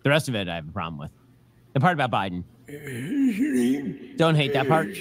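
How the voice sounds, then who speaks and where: A man giving opinionated political commentary in a fast, sarcastic, combative way. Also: medium pitch, sing-song.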